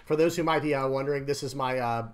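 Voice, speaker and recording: A young man chatting casually about his card game decks, rambling and apologetic with restarts and quick laughs. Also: mid-range voice. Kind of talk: casual chat while showing deck lists.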